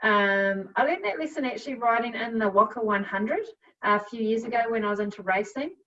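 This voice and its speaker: A middle-aged woman with a New Zealand accent telling her story as a podcast guest, chatty and quick to laugh, with plenty of fillers. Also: fairly high pitch, fairly bright tone. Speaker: guest, cycle coach. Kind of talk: casual storytelling. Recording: dull, a bit distant from mic.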